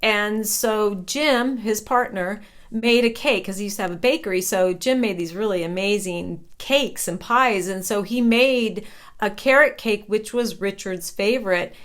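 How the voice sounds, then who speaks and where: A woman's voice: medium pitch, unhurried. A woman telling a personal ghost story in a chatty, conversational way, often checking in with "right?".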